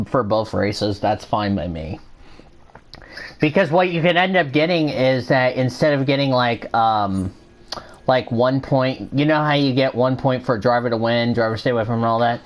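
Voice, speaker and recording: A man's voice: mid-range voice, expressive, normal speed. A man hosting a casual show, chatting while he plays a game, rambling and swearing freely at it. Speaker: show host. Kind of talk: casual chat while gaming.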